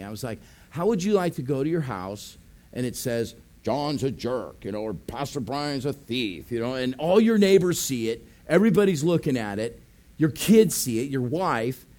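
A pastor with a mellow, mid-range voice preaches by telling a story with great animation. He acts out the characters' voices, laughs, and calls out "amen" as part of his sermon.

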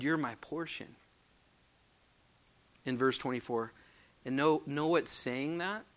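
A man delivering a sermon to his congregation. His voice is bright and forceful, a touch higher than most men's. He talks earnestly and doubles back on words to drive each point home. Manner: earnest, repeats words as he builds emphasis. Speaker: pastor.

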